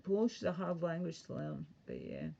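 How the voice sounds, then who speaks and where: A woman's voice: lowish voice, huge pitch swings, moderate pace, vocal fry, mellow, slightly rough. A woman ranting casually and profanely on a livestream, rambling from one thought to the next. The sound is muffled, lo-fi audio. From Britain.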